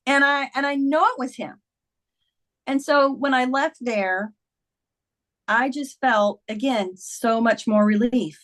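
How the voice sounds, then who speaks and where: A middle-aged woman with a fairly high voice tells a personal story in an interview. She is earnest and animated, and she acts out the lines of the people in her story as she goes. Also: slow, pauses often. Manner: earnest, animated retelling with quoted dialogue. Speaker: guest, memoir author. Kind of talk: conversational storytelling.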